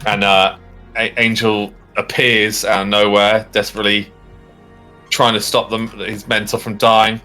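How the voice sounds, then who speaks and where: A man narrates a tabletop adventure as game master in a halting way, with many fillers and restarts. His voice is lowish with a bright, forward tone. Faint music plays underneath. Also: little pitch movement.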